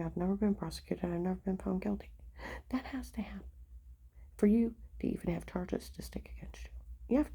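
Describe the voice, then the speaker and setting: Woman vlogger, dark husky whisper, rambling to camera. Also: medium pitch, rough recording. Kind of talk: rambling monologue.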